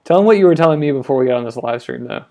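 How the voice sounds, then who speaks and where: A man's voice: mid-range voice, rapid-fire. A man co-hosting a live Q&A stream, chatting easily and reading out viewer comments. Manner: relaxed, reads viewer comments aloud. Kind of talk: casual chat.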